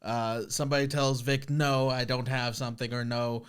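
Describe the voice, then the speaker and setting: A man's voice: mid-range voice, little pitch movement, moderate pace, clean tone. A man co-hosting a comedy movie podcast, recapping scenes casually and joking as he acts out quoted lines. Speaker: podcast co-host.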